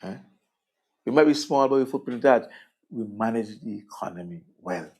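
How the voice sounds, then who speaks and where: A man with a Vincentian accent hosting a political talk show, sardonic and conversational, swinging between loud jabs and murmured asides. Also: medium pitch, animated, normal speed, slightly rough. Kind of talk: political commentary.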